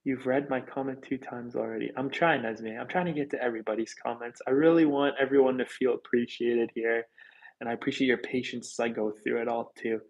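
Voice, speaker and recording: A man's voice: mid-range voice, fairly even intonation, fairly quick, low-quality recording. A man of thirty hosting a reptile livestream, chatting casually and candidly as he reads viewer comments, with frequent fillers. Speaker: reptile channel host.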